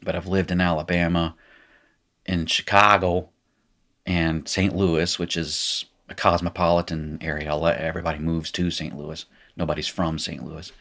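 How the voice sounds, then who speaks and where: A man with an Appalachian accent from North Carolina, teaching a recorded lesson in a relaxed way that corrects itself as he goes. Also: rumbling low, vocal fry. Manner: casual, self-correcting explainer who laughs at his slips. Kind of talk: recorded lecture.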